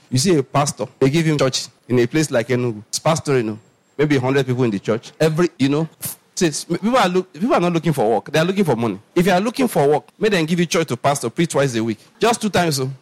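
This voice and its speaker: A middle-aged Nigerian pastor preaches through story after story. His voice is lively and moves fast, rising high and dropping low, often breaking into laughing asides. He sits a little above the usual pitch for a man. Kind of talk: storytelling sermon.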